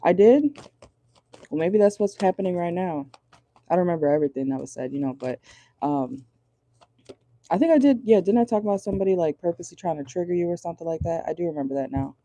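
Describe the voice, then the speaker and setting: Blunt, chatty tarot reader with a deep dark tone. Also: animated, fast. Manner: chatty, blunt, swears freely; laughs often. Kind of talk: casual tarot reading. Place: inside a parked car.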